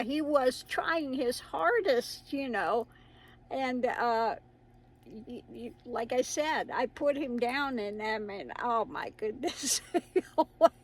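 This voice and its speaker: A woman's voice: fairly high pitch, rough recording. A middle-aged woman hosting her own channel, chatting casually to viewers in a rambling way and laughing often. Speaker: tarot reader and channel host.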